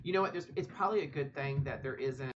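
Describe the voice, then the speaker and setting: A man's voice: mid-range voice, fast talker, muffled recording, background noise. A man talking in a rambling, hesitant way with fillers, heard over remote audio. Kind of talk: casual chat.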